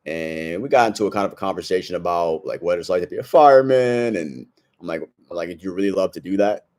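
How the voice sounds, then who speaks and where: A man's voice: sits low, fast talker, darkish tone. A young man in a brash, slangy vlog monologue, telling a story and giving blunt advice. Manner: brash slangy storytelling, says bro a lot. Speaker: self-improvement vlogger. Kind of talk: casual monologue to camera.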